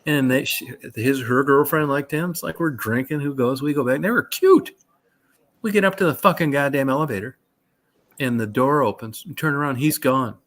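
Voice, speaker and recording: A man's voice: medium pitch, moderate pace, a bit bright. A man telling rambling, profane anecdotes in a casual chat. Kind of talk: casual storytelling.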